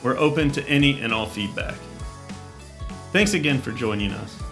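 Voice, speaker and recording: A man's voice: medium pitch, expressive, moderate pace, fairly bright tone, faint music behind. A man hosting a leadership podcast who chats casually, then reads the closing lines. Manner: easygoing, wraps up the episode. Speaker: podcast host. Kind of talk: casual chat and scripted outro.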